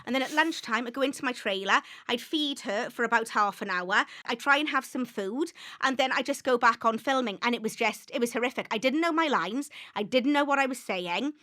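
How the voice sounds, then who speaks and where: A Welsh woman in her forties, a podcast guest chatting casually and telling animated stories that act out her own past thoughts. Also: fairly high pitch, brisk, hardly any pauses. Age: 40s. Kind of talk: casual chat.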